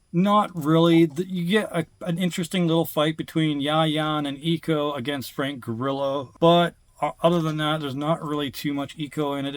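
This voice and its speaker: A man's voice: medium pitch, no room sound. A man talking casually about his film collection, rambling with frequent restarts and filler words. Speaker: film collector reviewing movies. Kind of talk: casual vlog review.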